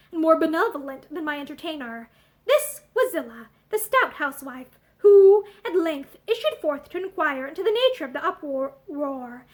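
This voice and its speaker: A woman reading a classic novel aloud in an expressive, animated way, seated indoors before a camera. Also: high-pitched. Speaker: audiobook reader.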